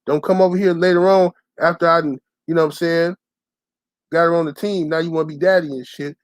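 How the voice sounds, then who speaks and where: Young guy ranting to his channel, loud and cussing, higher voice, dry close sound. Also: steady tone, a little fast, no room sound. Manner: loud, profane and heated, often shouts in quoted lines. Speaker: channel host. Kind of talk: profane storytelling rant to camera.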